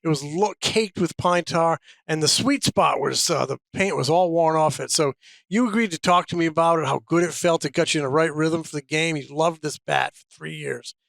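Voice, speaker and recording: A man, a sportswriter and podcast co-host, telling an anecdote in animated casual chat. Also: fairly high pitch, normal speed, creaky, dry recording.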